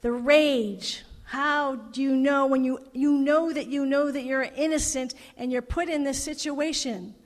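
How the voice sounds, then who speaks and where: A woman's voice: high voice, steady tone, measured pace, hardly any pauses. Woman minister preaching in a reverberant hall. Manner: emotive, retelling a story with quoted voices. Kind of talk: sermon with storytelling. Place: parish hall.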